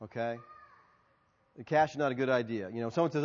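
A man's voice: medium pitch, a little fast. A man preaching as a pastor, answering a congregation's question and acting out conversations as he tells stories. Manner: animated storytelling, acting out both sides of dialogues. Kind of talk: sermon Q&A. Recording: dull sound, long hall reverb.

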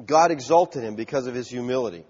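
A man's voice: mid-range voice, quick pace, darkish tone, husky. A man preaching a sermon in an emphatic, conversational way, heard on a dull recording in a large church hall with a long echo.

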